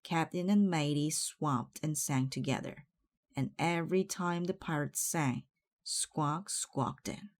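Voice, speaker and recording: A woman reading a children's picture book aloud in a slow, clear way. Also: low-pitched. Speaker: storybook reader.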